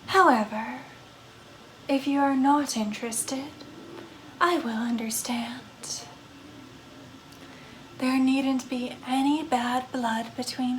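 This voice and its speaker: A woman playing a soft, solemn vampire ghost lady. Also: high-pitched, a little hiss or hum. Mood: gentle. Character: melancholy elegant female vampire ghost.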